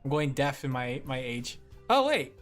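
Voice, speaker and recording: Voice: medium pitch, very animated, moderate pace. A streamer chatting casually with viewers while drawing, rambling, laughing often and talking straight to the chat. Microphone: streaming microphone with headphones. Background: faint music.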